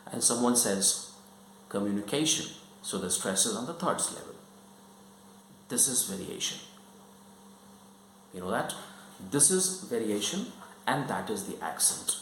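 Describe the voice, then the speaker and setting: A man teaching a lesson, repeating words and checking understanding again and again. His pitch moves a lot as he explains. The room sounds echoey, with a faint hum underneath. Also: animated, a little slow, long pauses, fairly bright tone. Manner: repetitive, checks understanding often. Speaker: English teacher.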